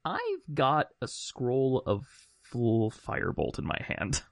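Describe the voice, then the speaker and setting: A man's voice: mid-range voice, slow, no room sound, clean studio sound. A man playing a tabletop game, chatty and rambling, amused at himself. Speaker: player. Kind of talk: casual tabletop game play.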